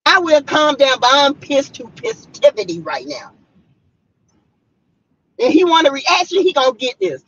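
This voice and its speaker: A woman's voice: high-pitched, expressive, unhurried, pauses often, a bit bright, no room sound, muffled recording. A woman from South Carolina, a vlogger, delivering a fiery, preachy, blunt rant to her viewers from her car.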